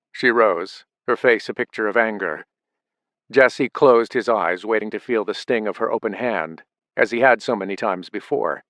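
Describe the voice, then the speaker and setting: A man reading an audiobook in steady, measured scripted narration. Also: on the low side, dry recording.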